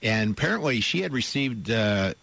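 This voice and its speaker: A middle-aged male radio host in a studio, talking at an ordinary pitch for a man. He reads the news with amused disbelief and throws rhetorical questions at his audience. The mic sound is close and dry, with no room echo. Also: sing-song, normal speed, creaky, fairly bright tone. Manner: amused and incredulous, breaks into laughter while reading; rhetorical questions to listeners, repeats words. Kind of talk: radio talk show, reading a news story with comment. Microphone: studio microphone.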